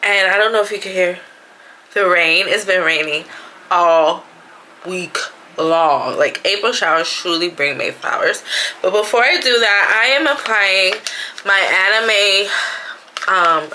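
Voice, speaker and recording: A woman's voice: fairly low pitch, measured pace, bright, forceful tone, a little hiss or hum, rough recording. A woman vlogging from her bathroom at home, talking casually about her pregnancy with lots of "like" and "you know". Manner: chatty, frequent fillers "like" and "you know". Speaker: vlogger, expecting mother. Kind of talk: casual chatty vlog.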